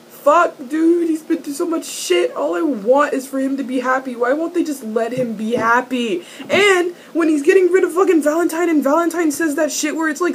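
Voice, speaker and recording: A young woman doing a casual, excitable fan recap of a TV episode, laughing, swearing and repeating herself as she rambles. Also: high voice, normal speed, hardly any pauses, a little hiss or hum. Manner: excitable, swearing, giggly, trailing off and repeating words. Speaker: vlogger reviewing a TV episode.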